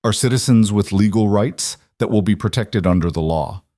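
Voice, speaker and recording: A man voices a calculating federal marshal with an Eastern American accent. He stays neutral and professional, almost conversational. His voice sits fairly low and the recording is dry. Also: moderate pace, darkish tone, no echo, lightly acted. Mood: cool. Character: cool federal marshal from the East, smooth and calculating.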